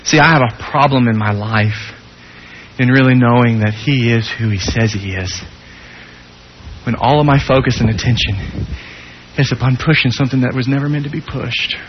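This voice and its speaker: A male preacher giving a sermon with rhetorical questions, swinging between loud and hushed delivery. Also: medium pitch, moderate pace, pauses often, lo-fi sound, slight background noise.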